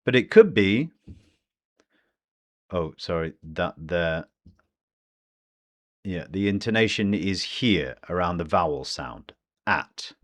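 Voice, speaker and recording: A man with a British accent teaching English pronunciation, slowly modelling phrases one by one. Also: deep voice, expressive, fairly bright tone. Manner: slow, deliberate modelling of phrases. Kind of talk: pronunciation lesson.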